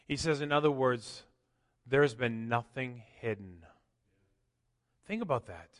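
A man preaching a sermon as pastor, swinging from loud emphatic lines to quiet asides. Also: mid-range voice, a little slow. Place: church. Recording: long church hall reverb.

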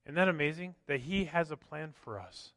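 A man's voice: fairly high pitch, expressive, fairly quick, fairly bright tone, no room sound, studio quality, in a large hall. A man preaching a sermon as pastor, conversational, often tossing in "right?" and acting out quotes. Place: church sanctuary.

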